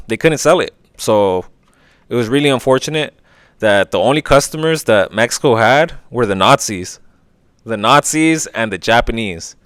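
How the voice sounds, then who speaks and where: Guy ranting history on his podcast, swears a lot, smooth voice, dead dry sound. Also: medium pitch, a bit bright, dry recording. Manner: profane, opinionated, acts out quick voices. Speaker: podcast host. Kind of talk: casual history podcast monologue.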